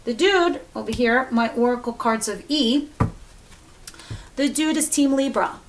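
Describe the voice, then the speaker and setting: Woman tarot reader, casual and chatty, drops swear words, voice on the higher side. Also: a little slow, background noise. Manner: chatty, swears freely, laughs at the cards.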